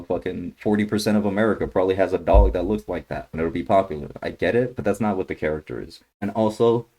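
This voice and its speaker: A young man with a fairly low voice tears into a movie trailer in a heated, swear-laden rant. He talks bluntly and gets loud and indignant. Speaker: YouTuber reacting to a movie trailer. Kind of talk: ranting trailer reaction.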